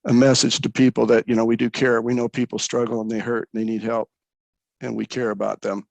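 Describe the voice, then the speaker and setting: A man's voice: mid-range voice, level tone, fairly quick, gravelly, a little mellow, dry recording, poor audio. A man, a pastor in recovery, speaking earnestly about his own story, with frequent restarts. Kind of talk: candid personal storytelling.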